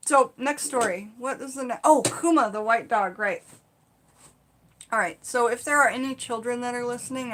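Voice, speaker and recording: Bright-voiced chatty woman telling stories. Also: fairly high pitch, a little hiss or hum. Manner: animated, chatty, acts out her own shouts in the retelling; frequent fillers like "like" and "you know". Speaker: storytelling channel host. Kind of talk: casual personal storytelling.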